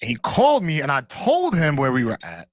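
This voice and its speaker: A man's voice: a little high, wildly swooping pitch, fairly quick, no echo. A man co-hosting a podcast in laid-back casual chat, reading facts aloud and telling stories. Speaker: podcast co-host.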